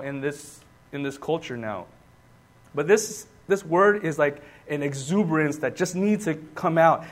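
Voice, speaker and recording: A man preaching a sermon as pastor, emphatic and repetitive, calling on the congregation to answer back. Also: fairly high pitch. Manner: emphatic, repeats key words, rising to loud bursts.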